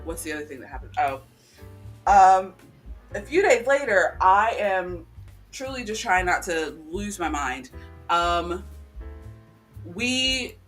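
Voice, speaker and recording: A podcast co-host in casual chat, telling stories in an animated way with sarcastic asides. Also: mid-range voice.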